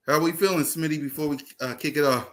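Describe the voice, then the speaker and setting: A man hosting a casual sports podcast, greeting listeners and co-hosts with hype-man energy. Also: a little high. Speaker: podcast host.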